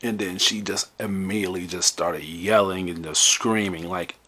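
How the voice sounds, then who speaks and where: Low, husky man telling a story. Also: fairly even intonation, moderate pace, bright, forceful tone. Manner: rambling and conversational, with many restarts and fillers. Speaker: podcast host telling a personal story. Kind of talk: casual storytelling monologue.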